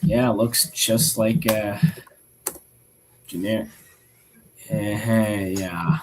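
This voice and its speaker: A man's voice: lowish voice, steady tone, drawn-out words, noisy background. A man as a guest on a casual livestream, speaking hesitantly and searching for words.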